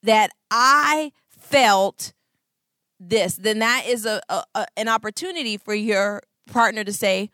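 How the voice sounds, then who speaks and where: A woman in her thirties giving a Christian talk on marriage, expressive and full of acted-out voices. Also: medium pitch, slow, no room sound, studio quality. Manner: expressive, acts out voices, laughs. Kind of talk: animated storytelling talk.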